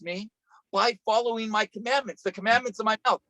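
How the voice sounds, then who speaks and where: A man preaches over a video call in an earnest storytelling manner, circling back and restarting his phrases. His voice sits somewhat high for a man. The sound is close and dry, with no room around it. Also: brisk, a bit bright, dry recording, rough recording. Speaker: pastor. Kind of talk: sermon.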